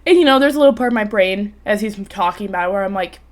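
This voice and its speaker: A young woman in her twenties hosting a podcast, telling a story in casual chat, animated, swearing freely and laughing often. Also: medium pitch, quick pace. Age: 20s. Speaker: podcast host. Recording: remote call, co-host audio cutting out.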